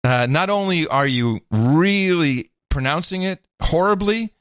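A man's voice: on the high side, expressive, a little slow, fairly bright tone, clean tone, dry recording, clean studio sound. A man co-hosting a podcast, chatting and laughing in an upbeat way. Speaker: podcast co-host. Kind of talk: casual podcast chat.

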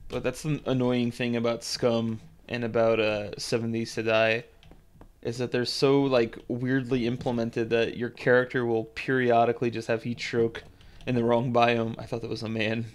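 A man's voice: medium pitch, level tone, moderate pace. A man streaming a survival game, rambling casually, swearing and restarting his sentences. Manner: rambling, profane, self-interrupting. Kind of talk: casual gaming commentary.

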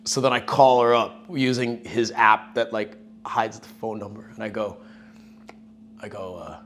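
A musician telling stories in a casual interview, rambling and profane, with lots of fillers. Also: male voice, on the low side, steady tone, measured pace, fairly bright tone. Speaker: musician guest.

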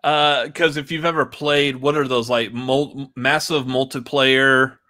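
A man's voice: medium pitch, fairly even intonation, measured pace, bright, forceful tone. A man hosting a casual movie podcast, rambling and playful and often laughing. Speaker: podcast host. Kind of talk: casual chat.

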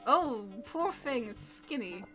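A woman hosting a casual gaming chat, giggly and excitable as she plays along with a friend. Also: high-pitched, slow pace. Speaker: channel host. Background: clear game music.

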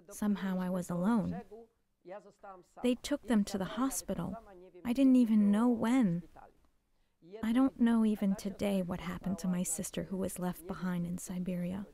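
An older woman whose first language is Polish, giving a halting, emotional personal testimony as a survivor. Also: mid-range voice, mellow. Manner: emotional, halting storytelling, repeating words.

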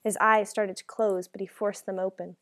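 A woman's voice: medium pitch, level tone, normal speed, fairly bright tone. A woman narrating a first-person novel as an audiobook, reading in a dramatic, emotional way.

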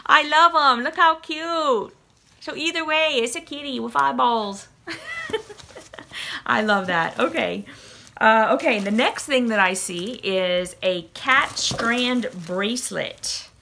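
A woman's voice: a little high, expressive, slow, creaky, pushed and bright, a little hiss or hum. A young woman chatting through an unboxing at home, gushing and giggling, cooing and whispering to her cats. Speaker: vlogger unboxing a subscription box. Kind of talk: casual unboxing vlog chatter.

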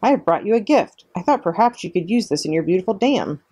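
A woman reading a storybook aloud, voicing a gentle robot mother who speaks in precise, formal sentences. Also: on the low side, animated, quick pace, breathy edge. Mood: polite. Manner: precise, polite, formal speech. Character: gentle calm female robot, adoptive mother.

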